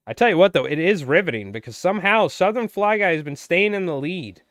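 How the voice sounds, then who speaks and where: A man live-streaming, his voice wearing hoarse, calling a marble race play-by-play like a playful sportscaster. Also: fairly high pitch, lively intonation, quick pace, few pauses, fairly bright tone, no echo, clean studio sound. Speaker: fly tying live streamer.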